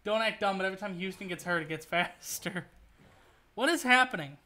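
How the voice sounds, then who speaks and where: A man's voice: sits high, expressive, brisk, bright, forceful tone. A man streaming a video game, rambling and joking through his play and swearing when things go wrong. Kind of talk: casual gameplay commentary.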